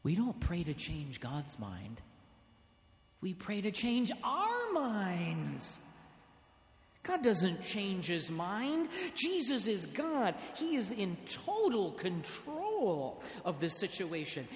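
Male preacher, unhurried and animated, slightly high voice, reverberant church. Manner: expressive, slow and deliberate, with dramatic pauses and acted quotes. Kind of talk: sermon. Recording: echoey church hall.

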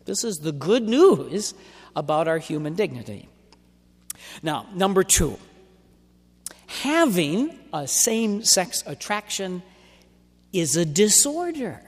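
Man, preacher, sermon, high voice, emphatic, long echoing reverb. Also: sing-song, breathy edge. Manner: emphatic, deliberate, stretches key words.

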